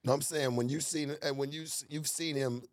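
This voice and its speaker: A man's voice: fairly high pitch, steady tone, fairly quick. A man hosting a casual podcast interview, blunt and teasing with slangy phrasing. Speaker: podcast host.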